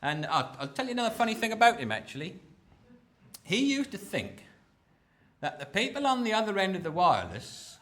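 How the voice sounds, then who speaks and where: A man with a high, bright voice rambles through a deadpan comic tale on a live stage. He keeps turning to his partner with a "didn't he?" as the folk act chats between songs. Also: a little fast. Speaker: folk comedy duo performer.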